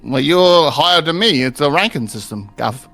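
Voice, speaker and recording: A man's voice: fairly high pitch, expressive, moderate pace, fairly bright tone, faint music behind. A man voicing a cheeky, chummy male kobold lord who keeps calling the player governor.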